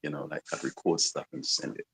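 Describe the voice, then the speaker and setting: A man's voice: rumbling low, fairly even intonation, quick pace, slightly rough, poor audio. A man from London with a slight American twang in his accent, a musician guest chatting reflectively in a radio interview, rambling with lots of "you know" and "like". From London, England. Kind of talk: casual radio interview chat.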